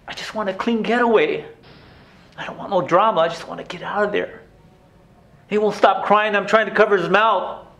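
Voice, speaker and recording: An actor playing a haunted male inmate reliving his painful youth, telling it in a halting, emotional theatrical monologue with stammered restarts. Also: sits high, vocal fry, a bit bright. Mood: anxious.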